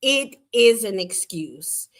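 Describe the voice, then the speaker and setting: A woman's voice: medium pitch, lively intonation, slow pace, background noise. A woman hosting a livestream, arguing with a guest in a sassy, dismissive, mocking way. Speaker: livestream show host. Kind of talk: heated livestream debate.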